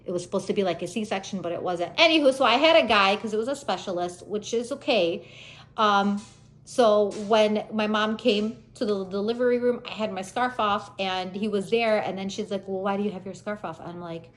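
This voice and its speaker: A woman in her thirties talks casually to her viewers, recounting family stories. Her delivery is animated and she laughs along as she goes. Her voice sits in an ordinary middle pitch. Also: brisk. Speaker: vlogger. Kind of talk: casual storytelling chat.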